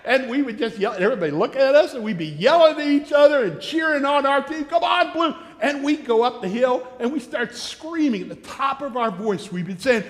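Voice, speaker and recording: A man with an American accent preaching a sermon, telling stories and acting out shouted quotes. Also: very high-pitched, expressive, a little fast, hardly any pauses, big-room sound. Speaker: pastor. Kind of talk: sermon with storytelling. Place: church sanctuary.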